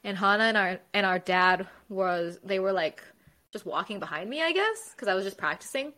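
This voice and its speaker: A woman's voice: medium pitch, expressive, moderate pace, bright, forceful tone. A young woman co-hosting a podcast, telling a childhood story in casual chat and laughing often. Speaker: podcast co-host.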